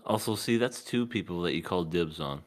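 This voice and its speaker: Low voiced guy on a podcast, super lively, cracking jokes. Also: a little fast. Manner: joking, animated storytelling with laughs. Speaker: podcast co-host. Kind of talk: casual chat.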